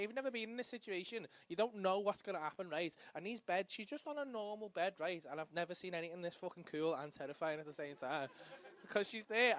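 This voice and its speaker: A man doing a stand-up comedy set on a club stage, telling a profane, animated story into a handheld mic with audience laughter behind. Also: high voice.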